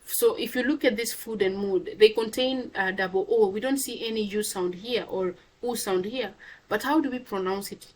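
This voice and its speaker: A woman teaching a pronunciation lesson to a class. She repeats words slowly to model each sound and checks in often with "okay?". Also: medium pitch, darkish tone, a little hiss or hum, low-quality recording.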